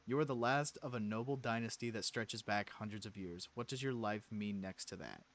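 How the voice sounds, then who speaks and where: A man voicing a stern, contemptuous older aristocratic father in a story game, speaking harshly and dropping low on his scornful jabs. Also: fairly quick, fairly bright tone.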